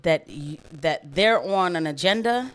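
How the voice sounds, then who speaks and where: A woman's voice: fairly low pitch, animated, unhurried. A woman giving impassioned, emphatic commentary, often repeating herself for emphasis. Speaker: political commentator. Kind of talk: opinionated livestream commentary.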